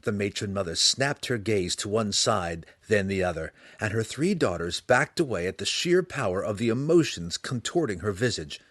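A man narrating a fantasy audiobook with a dramatic, expressive reading. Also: fairly low pitch, normal speed, few pauses, no echo, studio quality.

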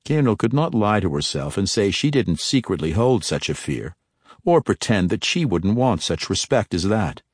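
A man narrating a dark fantasy novel in a steady, measured storytelling manner. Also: fairly low pitch, breathy edge, no room sound, clean studio sound. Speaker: audiobook narrator.

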